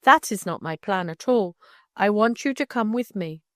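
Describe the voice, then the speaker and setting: A woman reading the part of a kindly older man who gently and earnestly persuades a young girl. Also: mid-range voice, lively intonation, moderate pace, dry recording, clean studio sound, close to an everyday voice. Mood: gentle coaxing. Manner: warm, coaxing, persuasive.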